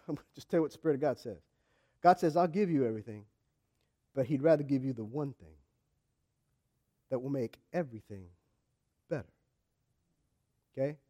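A man preaching a sermon with passion, addressing the congregation directly and rising to shouts. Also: medium pitch. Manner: impassioned, rising to shouts, speaking straight to the congregation.

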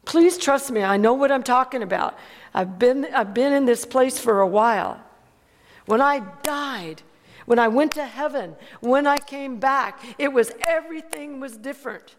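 High-voiced woman preaching in a hall. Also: moderate pace, a little hiss or hum. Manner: emphatic, calls out for amens. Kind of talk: sermon.

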